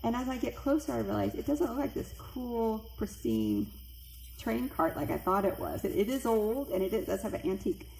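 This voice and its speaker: A middle-aged woman telling a personal spooky story, lively and acting out the voices of the people in it. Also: moderate pace, creaky, a little hiss or hum. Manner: animated, acts out quoted voices with big pitch jumps. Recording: echoey room with faint ambience.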